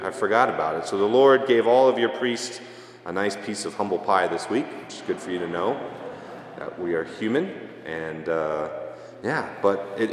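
A young male priest giving a homily, telling a self-deprecating story in a relaxed, casual way. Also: fairly low pitch, slight background noise. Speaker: parish priest. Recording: echoey church with long reverb.

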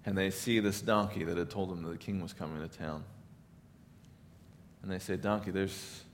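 Male pastor, low voice, earnest Christmas sermon, faint rumble behind. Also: steady tone, moderate pace. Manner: earnest, builds up then drops to soft emphasis.

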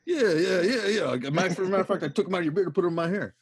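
Husky-voiced man telling laid-back stories. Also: high voice, very fast, no room sound, clean studio sound. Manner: laid-back storytelling, swearing, lots of "dude". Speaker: podcast host. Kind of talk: casual chat.

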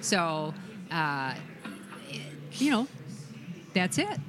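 A woman's voice: lowish voice, very animated, very slow, music in the background. A woman from Minnesota, a former news anchor, talking casually and reflectively with many fillers. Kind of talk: casual interview talk.

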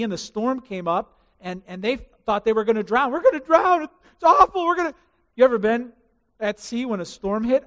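A man preaching a sermon as pastor, telling the story in an animated way and asking the congregation questions. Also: very high voice, long reverb tail.

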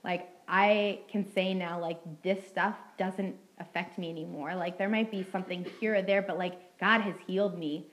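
A woman's voice: lowish voice, fairly even intonation, normal speed, hardly any pauses, poor audio. A young woman giving an earnest, heartfelt personal testimony to a youth group, speaking casually with many fillers. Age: young adult. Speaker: student speaker at a youth ministry meeting.

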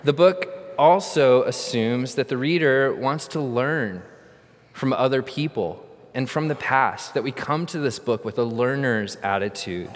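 A middle-aged man preaching a sermon, telling a funny childhood story with animation and then teaching earnestly. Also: medium pitch. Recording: long reverb of a large hall.

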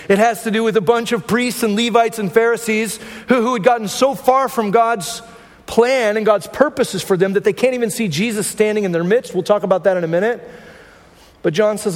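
High-voiced man preaching in a reverberant hall. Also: a little fast. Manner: conversational preaching, frequent rhetorical "right?". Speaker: pastor. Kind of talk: sermon. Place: church sanctuary.

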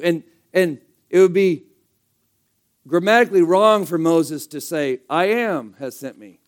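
A man with a high voice preaches a sermon. He talks in a relaxed, conversational way and keeps tossing rhetorical questions at his listeners. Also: a little slow. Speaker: pastor.

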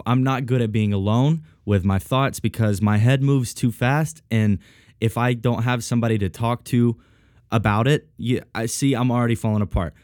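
A man's voice: mid-range voice, darkish tone, dry recording, studio quality. Congested joking male podcast host. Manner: joking, rambling, self-mocking. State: congested, sniffly, sinus-deepened voice. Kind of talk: casual solo podcast chat.

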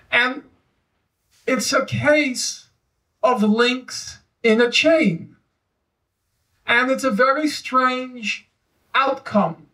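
A man's voice: very high-pitched, extremely slow, pauses often, pushed and bright, distant mic, low-quality recording. A man, a historian and guest speaker, talking in a live public discussion in an emphatic, storytelling way. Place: live event venue.

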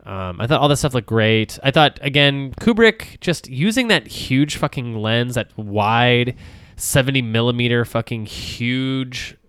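A man chats loosely about films as a podcast co-host, trailing off and restarting with plenty of fillers. His voice is smooth and clear at a middling pitch. The sound is dry and close, with no room echo. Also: unhurried, fairly bright tone. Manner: rambling, many fillers and restarts, laughs often, swears casually. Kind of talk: casual film discussion.

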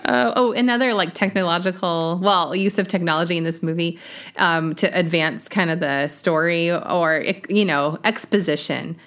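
A woman's voice: lowish voice, normal speed, a bit bright. Chatty, giggly woman podcast co-host. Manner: chatty, giggly, steers the talk. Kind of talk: casual movie review chat.

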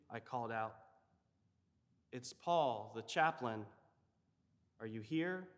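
Male chaplain, mid-range voice, measured storytelling in a reverberant hall. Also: medium pitch, fairly bright tone. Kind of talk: storytelling sermon.

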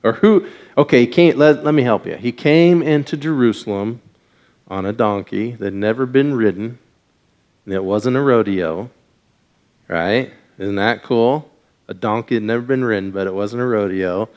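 In a church sanctuary with the congregation present, a man wearing a mic delivers the children's message, posing questions to the kids and guiding call-and-response. His mid-range voice is darkish and moves at a moderate pace, and the audio sounds lo-fi.

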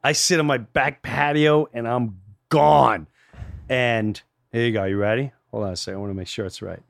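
A middle-aged man, a podcast guest, telling animated stories with lots of swearing and acted-out voices. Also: medium pitch, normal speed, vocal fry, no echo, studio quality. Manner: acts out quoted voices, swearing, laughing. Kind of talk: animated storytelling.

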